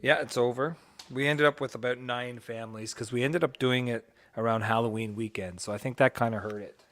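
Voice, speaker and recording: A man's voice: mid-range voice, steady tone, a little fast, fairly bright tone. Easygoing man co-hosting a chat. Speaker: co-host, studio photographer. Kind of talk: casual chat.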